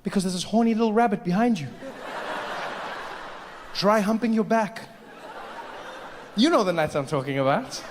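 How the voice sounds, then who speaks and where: A man's voice: sits high, animated, normal speed, pauses often. A man performing a stand-up comedy set on a large stage, telling stories animatedly and jumping into character voices. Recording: stage mic with long hall reverb, faint hiss.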